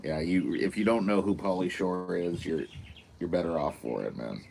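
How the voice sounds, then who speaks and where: Low-voiced man in slangy banter. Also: normal speed, creaky, a little mellow, slight background noise. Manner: loose, joking, slangy banter. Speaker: podcast co-host. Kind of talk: casual chat.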